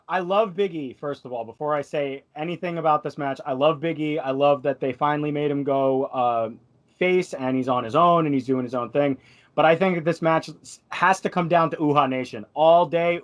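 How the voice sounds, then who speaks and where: Eager male panelist, high-pitched, opinionated and chatty. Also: normal speed. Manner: enthusiastic and opinionated. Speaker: wrestling podcast panelist. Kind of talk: casual panel chat.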